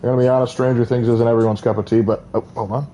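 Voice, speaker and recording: A man streaming a game, chatting casually and rambling with hesitant pauses. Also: mid-range voice, level tone, dark tone, slight background noise, low-quality recording. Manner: rambling, hesitant with many uhs. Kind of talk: casual chat.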